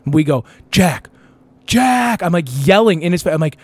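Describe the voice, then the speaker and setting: Animated young man telling a story. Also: a little high, quick pace, dry recording. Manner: animated, profane, acts out quotes. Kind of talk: casual storytelling chat.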